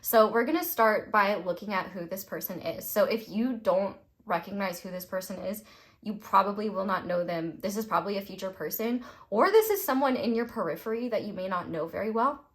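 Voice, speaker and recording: A woman's voice: mid-range voice, a little fast, a bit bright. A young woman reading tarot for her viewers in a casual, rambling way, laughing often at her own jokes. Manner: giggly, rambling, self-deprecating. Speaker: tarot reader.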